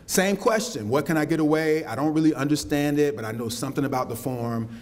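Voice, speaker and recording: Lively man giving a lecture. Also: a little high, fast talker. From South Carolina, US Southern. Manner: animated storytelling, shifts into quoted voices, folksy asides. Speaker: poet lecturing. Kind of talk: campus lecture with Q&A. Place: lecture hall.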